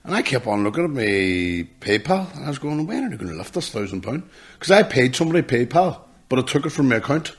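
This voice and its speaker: A man, teasing his co-host in a casual podcast chat. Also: mid-range voice. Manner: teasing, excitable.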